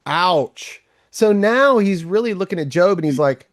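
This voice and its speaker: A man co-hosting a relaxed Bible discussion, his voice rising and falling widely as he chats. He keeps jumping into playful mock voices, and the sound is dry and close with no room echo. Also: high voice, measured pace. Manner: animated, chatty, jumps into mock voices. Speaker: podcast co-host.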